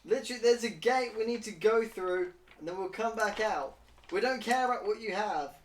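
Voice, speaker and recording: A man's voice: high-pitched, moderate pace, echoey room. A man playing a tabletop game, talking bluntly and arguing with the game master. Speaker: player. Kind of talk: casual tabletop role-play.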